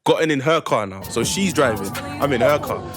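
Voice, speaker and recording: A man's voice: mid-range voice, lively intonation, brisk. A young man with a London accent telling a comic story, acting out the voices of the people in it and laughing as he goes. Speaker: panel guest telling a story. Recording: music and laughing crowd behind.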